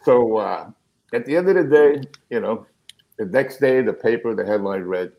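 Middle-aged male comedian guest, lively storyteller with a swinging, expressive pitch. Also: normal speed, creaky, poor audio. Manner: animated, acts out quotes. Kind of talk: storytelling anecdote.

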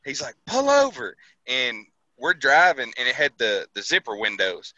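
A man's voice: medium pitch, expressive, moderate pace, sharp tone, no room sound, muffled recording. A man casually telling a profane army story, laughing and acting out the people he quotes. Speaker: veteran telling army stories.

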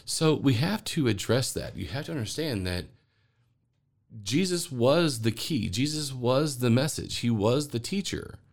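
A man's voice: mid-range voice, big pitch swings, measured pace, gravelly. A man hosting a podcast, talking through spiritual ideas in an earnest, rambling way and often repeating words as he thinks aloud. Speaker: podcast host. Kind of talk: spiritual monologue.

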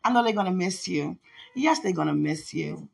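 A woman hosting a podcast, talking casually in an animated, storytelling way, breaking into laughter and playful sing-song lines. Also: fairly low pitch, moderate pace, gravelly, faint music behind. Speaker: podcast host. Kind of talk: casual personal monologue.

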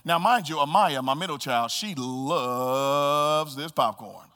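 A man preaching a sermon as pastor, swinging between loud bursts and hushed asides. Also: on the high side, takes it slowly. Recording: reverberant hall.

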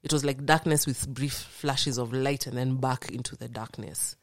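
As a podcast guest, a young woman with a low voice shares a personal story at a moderate pace, earnest and animated, acting out the voices she quotes. The recording is dry and close with no room sound.

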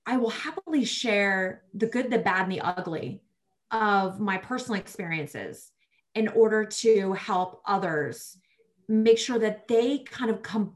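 A woman guest on a podcast telling career stories in casual chat, animated and peppered with "like". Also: medium pitch, a little slow. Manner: animated storyteller, acts out quoted voices, frequent "like". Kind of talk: casual interview storytelling.

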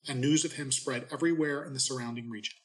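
Man reading scripture with measured reverence. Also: medium pitch, rough recording. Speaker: clergyman giving daily readings and reflection. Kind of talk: scripture reading and short homily.

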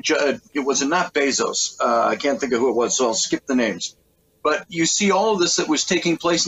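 A man who hosts his own show, talking politics on a panel in a passionate, ranting way and pushing his pitch up hard to make a point. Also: fairly bright tone, poor audio. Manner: passionate, ranting, swings pitch up sharply for emphasis. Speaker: political commentator and radio show host. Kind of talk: heated political panel talk.

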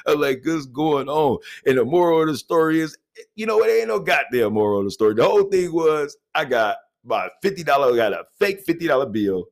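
A man's voice: on the high side, sing-song, brisk, vocal fry. A man casually telling a personal anecdote in a laid-back, slangy way, often laughing and checking in with "you know what I mean". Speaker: storyteller.

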